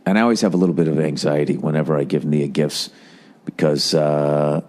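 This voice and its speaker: A man's voice: rumbling low, steady tone, a little fast, darkish tone. A middle-aged man, a comedian and podcast host, telling a rambling, profane comic story in casual chat.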